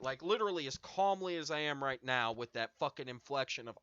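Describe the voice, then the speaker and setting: A man's voice: mid-range voice, lively intonation, fairly quick, hardly any pauses, a bit bright, clean tone, no echo, highs cut off. A young man hosting a stream, smoking and telling a long, profanity-laced story in a rambling, filler-heavy way. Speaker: streamer host. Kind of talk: casual storytelling to chat.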